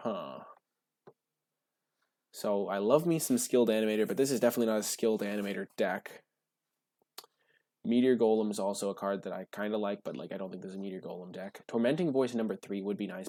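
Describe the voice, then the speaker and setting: A man giving casual gameplay commentary while drafting cards, gushing and breaking into high excited shouts. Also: brisk, pauses often, no echo. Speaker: card game drafting streamer.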